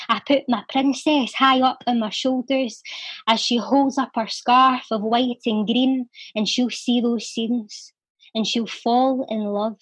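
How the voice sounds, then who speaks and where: A woman's voice: fairly high pitch, no room sound. A Scottish woman reading her own poem with a rhythmic, heartfelt delivery, then chatting casually as an interview guest. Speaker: guest, poet and charity volunteer. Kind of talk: poetry recital and casual interview chat.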